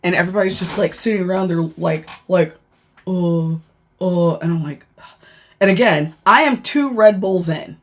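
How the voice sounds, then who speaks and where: A woman's voice: on the low side, brisk. Woman animatedly telling a work story. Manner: animated, profane, laughing and dramatizing; chatty with many fillers. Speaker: former corrections officer. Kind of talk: casual livestream storytelling.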